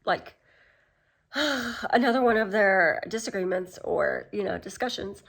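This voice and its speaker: A woman's voice: mid-range voice, lively intonation, a little slow, creaky, fairly bright tone, husky. A woman recapping a film plot in a casual, rambling way, with lots of "like" and "um" fillers. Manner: chatty, rambling, heavy use of "like" and "um". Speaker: film summary vlogger.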